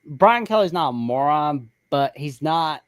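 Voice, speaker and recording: Blunt man tossing off quick quips. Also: fairly high pitch, animated. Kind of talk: casual chat.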